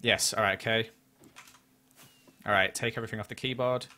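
Bright-voiced man streaming a game. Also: lowish voice, steady tone, brisk. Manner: chatty, self-critical, flares up at near misses. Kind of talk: live gameplay commentary.

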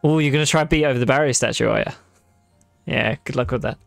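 Talking quickly in a gravelly mid-range voice with faint music behind him, a gaming video creator gives wry, casual commentary on his gameplay. He swears freely and speaks straight to his viewers.

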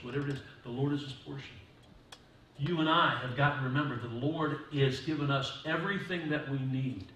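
A male pastor giving a sermon in a church, moving from quiet talk to loud preaching. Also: medium pitch, a little hiss or hum. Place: church sanctuary. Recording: distant mic in echoey church hall.

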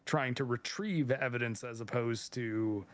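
A man's voice: mid-range voice, unhurried, slight background noise. A man co-hosting a casual film discussion, thinking aloud and hedging his points.

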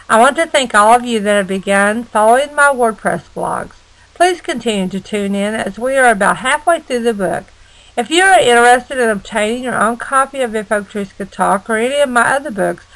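A woman's voice: a little high, fairly bright tone, low-quality recording. Woman reading her own novel aloud. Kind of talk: read-aloud novel narration.

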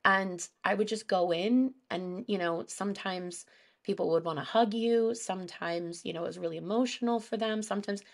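A woman's voice: mid-range voice, normal speed. A woman, a guest animal behaviorist, talking candidly in a casual podcast conversation, telling stories with lots of fillers. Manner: candid, storytelling, many fillers.

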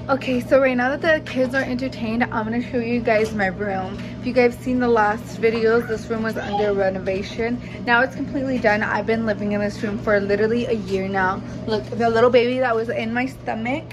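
A woman's voice: a little high, steady tone, fairly quick, few pauses, over music, rough recording. A young woman vlogging at home as a mom, chatting casually, cursing offhand and slipping Spanish words into her talk, filmed on her phone. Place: at home, indoors and in the yard. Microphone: phone camera.

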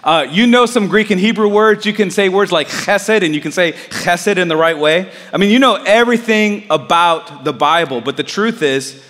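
A man's voice: sits high, moderate pace, a bit bright, big-room sound. A man preaching a sermon in an earnest, conversational way, asking his listeners repeated questions. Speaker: pastor.

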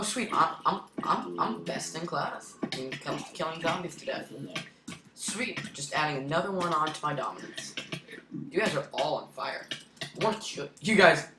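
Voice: medium pitch, reverberant, noisy background. A gameplay commentator in casual let's-play chatter, playful and teasing, muttering asides to the other players.

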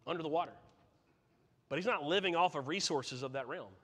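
A man's voice: fairly high pitch, brisk, fairly bright tone. A man preaching a Sunday sermon, earnest and questioning, building up to emphatic points. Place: church sanctuary. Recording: church hall reverb.

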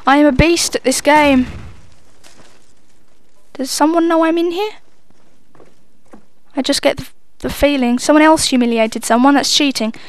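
A woman's voice: high voice, fairly even intonation, a little slow, long pauses. A young woman giving live gameplay commentary, swearing freely and mocking herself as she plays. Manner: sweary, self-mocking running banter. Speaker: gamer commentator.

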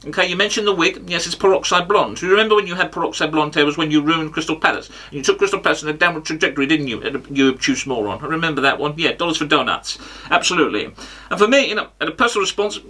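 A brash, self-important football pundit, put on by a man in a comedy sketch, hurling pompous insults. The voice is high and very sharp. It sits a little away from the microphone. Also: animated, quick pace, far from the mic. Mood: mocking. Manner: pompous, insult-heavy mock bravado.

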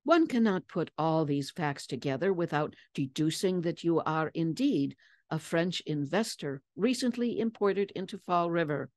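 A woman's voice: fairly low pitch, lively intonation, normal speed, a little mellow, no room sound, studio quality, natural voice. Woman voicing a wry girl detective. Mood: explaining. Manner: crisp, precise, lecturing. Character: clever young girl detective, composed and wry.

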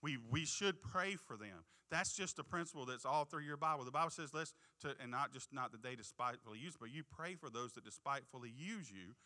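A man preaching a sermon in church, reading scripture slowly and with emphasis and often asking the congregation "Amen?". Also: medium pitch, animated, sharp tone. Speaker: pastor. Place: church sanctuary.

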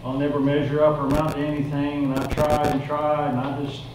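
A man's voice: fairly high pitch, steady tone, brisk, background noise, close to an everyday voice. A man voicing a dejected, self-pitying young male eagle in a spoken parable. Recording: echoey room, mic far off.

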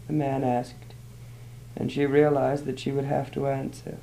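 Gravelly man narrating a story. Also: medium pitch, monotone, a little slow, mellow, poor audio.

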